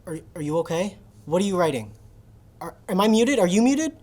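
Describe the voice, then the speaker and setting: A woman playing a lively, laid-back assistant. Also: lowish voice, a little fast. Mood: offhand. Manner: offhand, nonchalant. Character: laid-back, scheming young male assistant. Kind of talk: comedy sketch acting.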